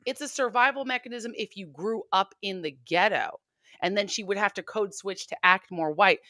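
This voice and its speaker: A woman guest on a political chat show, talking in a blunt, emphatic way and quick to mock. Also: medium pitch, bright, forceful tone, dry recording, clean studio sound. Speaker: guest commentator.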